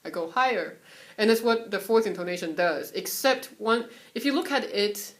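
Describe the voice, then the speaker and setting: A young woman from Taiwan giving a casual, chatty lesson on Mandarin tones at home, sometimes singing syllables to show the pitches. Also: moderate pace. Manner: relaxed, chatty, breaks off to soothe her cat; sings syllables and solfege to demonstrate tones. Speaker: Mandarin tone teacher.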